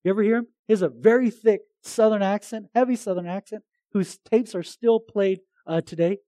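A male pastor with a notably high voice delivers a sermon in a relaxed, conversational manner. He keeps the energy up and often restarts his sentences. The sound is dry and close, with little room in it. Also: a little fast, no room sound. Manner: conversational, animated preaching with restarts.

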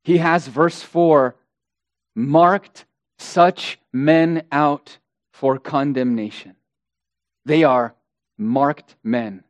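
Slow, emphatic male preacher. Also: a little high, no echo. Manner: impassioned, emphatic repetition; addresses congregation as beloved. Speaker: pastor. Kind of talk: sermon.

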